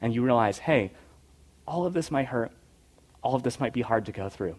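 A man reading a storybook passage aloud and then drawing a devotional lesson from it, soft-spoken and earnest. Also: medium pitch, lively intonation, normal speed.

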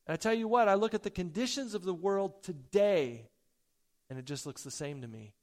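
Male preacher, high voice, animated, loud emphasis then soft asides, stammers when excited. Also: a little fast. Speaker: pastor. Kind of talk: sermon with personal story.

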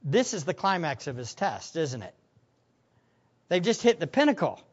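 Male pastor, animated sermon delivery, lively pitch, dull lo-fi recording. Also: moderate pace, long pauses. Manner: animated, acts out voices of disciples with sudden loud bursts.

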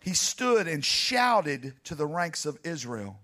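A man's voice: on the high side, big pitch swings, slow, hardly any pauses. A male preacher delivering a dramatic sermon and speaking straight to his congregation. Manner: dramatic, builds to near shouting, speaks to the congregation directly. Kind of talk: animated sermon.

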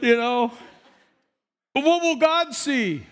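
Male pastor, high voice, animated sermon storytelling, long hall reverb. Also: a little slow. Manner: animated storytelling with repetitions and asides.

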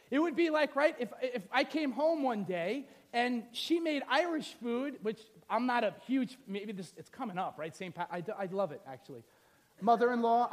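A middle-aged male pastor preaching a sermon, telling the story with playful asides and acting out the scenes. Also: very high voice.

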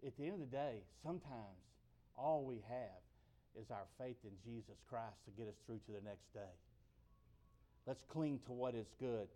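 A man gives a conversational sermon, rising to loud bursts of emphasis and then settling low and slow.

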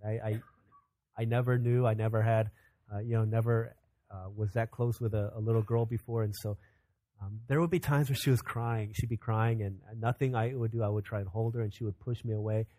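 A young man preaching a sermon, rising to loud, urgent questions and then dropping to soft, hushed lines. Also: fairly low pitch, steady tone, a little fast, dry recording, rough recording. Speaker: pastor.

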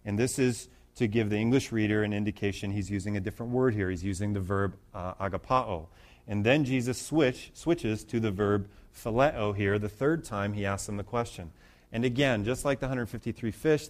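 A man's voice: on the low side, moderate pace. A man pastor preaching through a Bible passage in a conversational way, with restarts and rising emphasis. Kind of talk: expository sermon.

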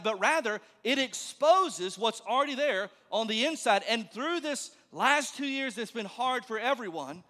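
A male pastor preaching a sermon in a church, conversational and joking, then dropping to a hush for emphasis. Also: very high-pitched. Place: church sanctuary. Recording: long reverb of a large hall.

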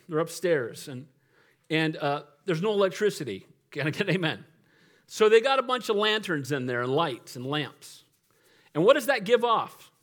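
With a high, slightly bright voice, a middle-aged preacher works through his sermon in a conversational, humorous style. He laughs often and keeps asking for an amen.

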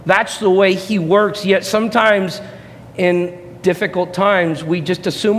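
A man preaching a sermon as a pastor, impassioned, swinging between soft reflective passages and loud rising peaks. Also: high-pitched, fairly even intonation, measured pace, slight background noise. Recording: long hall reverb, faint ambience.

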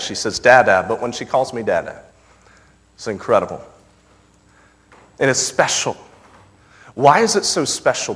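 A young man preaching a sermon, moving between loud, emphatic scripture reading and soft, intimate asides. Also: mid-range voice. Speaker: pastor. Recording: long reverb of a large hall.

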